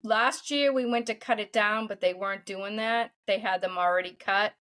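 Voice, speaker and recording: A woman's voice: medium pitch, normal speed, a bit bright. Middle-aged woman, podcast co-host, casual chat, blunt, swears, laughs often.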